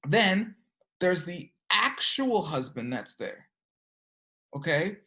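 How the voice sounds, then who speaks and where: A woman's voice: lowish voice, very animated, takes it slowly, a bit bright. A woman teaching a class, telling a story and checking in with her students with frequent "okay?" questions. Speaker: teacher of an energy work class.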